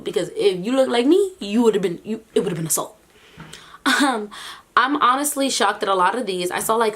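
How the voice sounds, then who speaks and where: A woman vlogger gives casual reaction commentary in a medium-pitched voice, animated and incredulous, often laughing between remarks.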